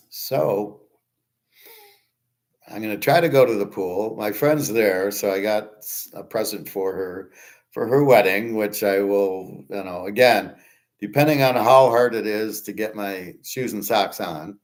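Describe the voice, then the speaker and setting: Male host, low-ish voice, profane off-the-cuff rant. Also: slow, long pauses. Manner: blunt, profane, ranting. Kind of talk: casual monologue.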